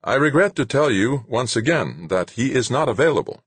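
A gracious young executive who politely stonewalls, as a male reader puts him on. His raised voice stays smooth in manner though husky in tone. The audiobook sound is dry. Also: deep voice, big pitch swings, moderate pace, dry recording, voice pushed up, exaggerated voice.

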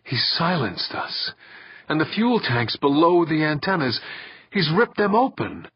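A man's voice: fairly high pitch, sing-song, measured pace, breathy edge, dry recording, highs cut off, pitched above the performer's own voice, heavily acted. A man reading a tense starship captain. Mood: alarmed. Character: tense male starship captain under attack.

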